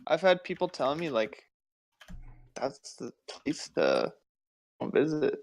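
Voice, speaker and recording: A man's voice: on the high side, wildly swooping pitch, gravelly, dry recording. A man co-hosting a casual podcast, speaking hesitantly with lots of mm-hmms. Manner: slow, hesitant, with many mm-hmms. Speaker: podcast co-host. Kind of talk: casual chat.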